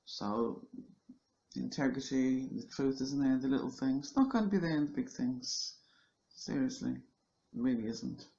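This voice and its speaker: A woman's voice: rumbling low, moderate pace, gravelly, mellow, highs cut off. A middle-aged woman giving critical commentary on a video clip, in an indignant and dismissive way.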